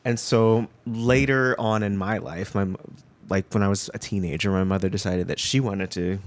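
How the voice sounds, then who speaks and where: A man, a podcast guest, telling a personal story in a measured, thoughtful way. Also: lowish voice, fairly even intonation. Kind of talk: conversational storytelling.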